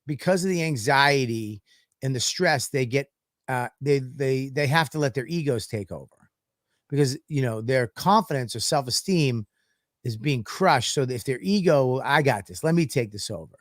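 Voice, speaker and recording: A man's voice: medium pitch, normal speed, dry recording, studio quality. A man, a comedian and podcast host, telling stories in a profane, ranting way in casual chat.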